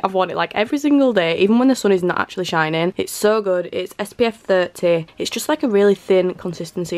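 A 22-year-old woman chatting to camera in her bedroom, gushing and slightly croaky, full of "like" and "literally". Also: medium pitch. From England. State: a bit croaky. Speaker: vlogger. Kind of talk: casual chat to camera. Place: bedroom at home.

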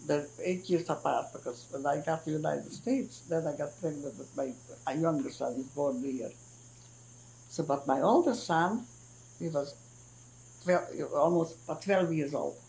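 An older woman from Hungary giving her testimony in a recorded oral history interview, speaking haltingly, with frequent restarts and soft murmured agreement. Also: sits low, creaky, rough recording. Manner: acts out family dialogue when retelling it. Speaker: Holocaust survivor giving testimony.

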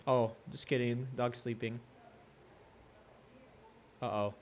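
Excitable reaction host with lively pitch. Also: slow pace, long pauses. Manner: excitable, laughs often, talks to own dogs. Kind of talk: casual commentary on clips.

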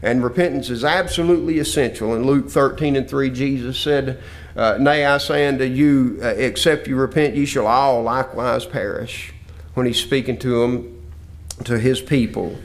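A man's voice: medium pitch, normal speed. A man preaching a sermon lesson in an earnest, scripture-quoting way, often repeating himself.

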